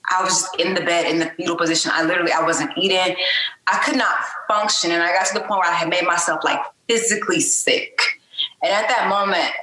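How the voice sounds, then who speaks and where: A middle-aged woman talks candidly as a podcast guest, her tone bright and forceful yet pitched a little low. She speaks openly and conversationally, with plenty of fillers. The room around her sounds echoey. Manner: open, conversational, frequent fillers. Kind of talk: candid personal interview.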